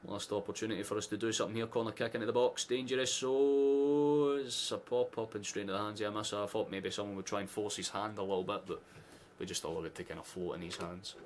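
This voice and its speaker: A man's voice: fairly low pitch, fairly even intonation, quick pace, a little hiss or hum. A Scottish man hosting a live football watchalong, chatting casually with sarcastic asides and frequent swearing. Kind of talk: casual live match chat.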